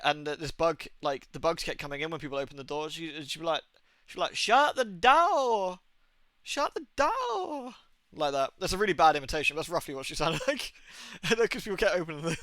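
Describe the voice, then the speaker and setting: A British man in his thirties chats over his game stream in a loose, rambling way, swearing now and then. His voice sits a little high and rings bright and forceful. The sound is close and dry, with no room around it. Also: no echo. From Britain. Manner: rambling, anecdotal, swears freely. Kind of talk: casual gaming stream chat.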